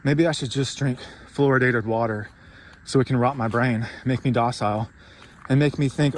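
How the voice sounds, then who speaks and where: A man's voice: mid-range voice, steady tone, normal speed, a little hiss or hum. A man delivering an intense, profane motivational rant, rambling and mocking himself as he goes. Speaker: podcast host.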